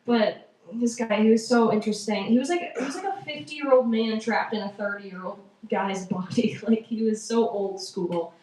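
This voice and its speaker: A small-town Massachusetts woman does a stand-up set at an open mic, her fairly high, darkish voice moving at a moderate pace with hardly any pauses. Chatty and self-deprecating, she frequently cracks herself up. The recording is distant and roomy, with a little hiss or hum.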